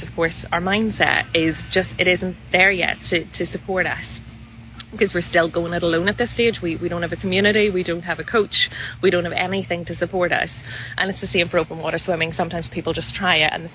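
A woman's voice: lowish voice, fairly bright tone, slight background noise, low-quality recording. A woman hosting a solo podcast, talking earnestly in a coaching tone and acting out inner doubts as quoted asides. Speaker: podcast host. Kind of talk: reflective solo podcast monologue.

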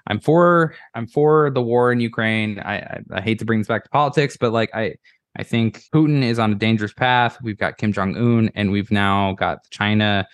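A man's voice: fairly low pitch, dry recording. A man who is a podcast guest, talking earnestly in casual chat, swearing and often restarting his sentences.

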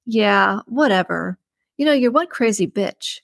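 A woman reading a story, voicing a crude, pushy adult man who turns indignant and rises in pitch when upset. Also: animated, measured pace, gravelly, no room sound, clean studio sound.

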